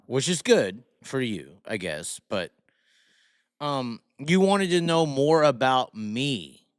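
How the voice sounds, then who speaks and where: A man's voice: mid-range voice, big pitch swings, slow pace, clear, resonant tone, no echo, studio quality. A man hosting a casual live stream, rambling and incredulous, talking to viewers with many restarts. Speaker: livestream host.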